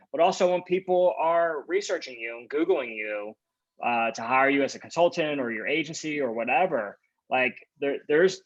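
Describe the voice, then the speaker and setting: A man's voice: medium pitch, a bit bright. Emphatic man on a dull lo-fi line. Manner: emphatic, confident, self-described contrarian. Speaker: guest, design agency founder. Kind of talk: casual interview conversation.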